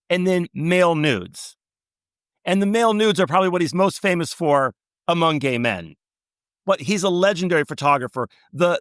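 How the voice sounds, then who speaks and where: A middle-aged man, a travel writer guest, telling long anecdotes and quoting people in animated storytelling. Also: a little high, dry recording. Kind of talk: storytelling interview.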